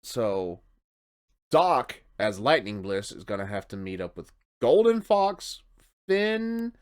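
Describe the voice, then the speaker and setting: A man's voice: mid-range voice, very animated, slow, clear, resonant tone. A man hosting a reaction video, rambling casually in late-night commentary. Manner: rambling, chuckling, tired late-night talk.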